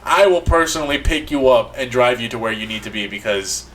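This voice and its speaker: A man's voice: medium pitch, lively intonation, fairly quick, a bit bright, slight background noise. A man co-hosting a casual podcast chat, joking around and swearing freely. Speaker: podcast co-host.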